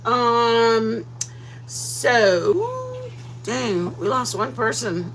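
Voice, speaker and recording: A woman's voice: a little high, sing-song, very slow, pauses often, bright, forceful tone, a little hiss or hum, low-quality recording. A woman hosting a casual cooking livestream, rambling and greeting viewers by name. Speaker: cooking channel host.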